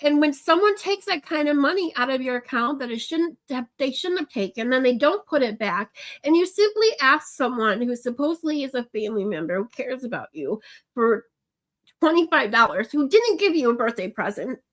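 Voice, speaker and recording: A woman chats with her livestream viewers while crying, venting in a rambling, emotional way. She keeps restarting her sentences and reaching for fillers. Her voice sits somewhat high for a woman. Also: very animated, normal speed, a bit bright. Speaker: livestream host. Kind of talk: casual chat with viewers.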